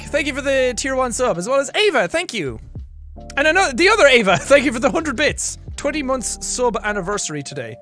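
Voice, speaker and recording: A young Irish man casually chatting on a livestream, reading viewer messages and laughing between quick remarks. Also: extremely high pitch, pushed and bright. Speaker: streamer. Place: home recording room.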